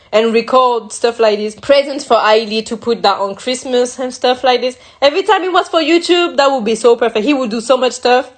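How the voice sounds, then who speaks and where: French woman frankly recounting, slightly high. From France. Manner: emotional and frank, with frequent restarts and slips. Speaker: guest. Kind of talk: candid personal recounting.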